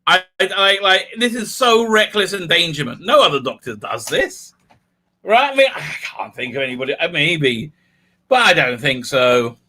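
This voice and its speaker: A man's voice: fairly high pitch, animated, normal speed, sharp tone. A man giving a casual, sarcastic episode recap and review, ranting animatedly and laughing often. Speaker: video reviewer.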